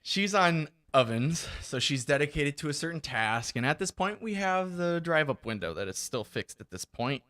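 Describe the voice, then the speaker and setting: A man's voice: fairly high pitch, normal speed, few pauses, dry recording. A young man co-hosting a podcast, telling work stories in casual chat and acting out the quotes with lots of laughter. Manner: animated storyteller acting out quotes, laughing often. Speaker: podcast co-host.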